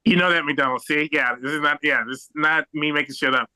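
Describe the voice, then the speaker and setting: Young American man, stand-up comic, halting and rambling, very bright voice, dry close sound. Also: on the high side, fairly even intonation, no room sound, rough recording. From United States. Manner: rambling and halting, with many fillers and restarts. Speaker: stand-up comedian. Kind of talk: stand-up set over video call. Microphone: video call.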